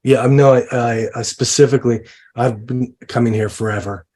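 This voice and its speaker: A man's voice: medium pitch, fairly even intonation, brisk, a little mellow. A man, a film director, talking about his film in an interview, with many fillers and restarts. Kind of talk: interview conversation. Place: lives in New Orleans.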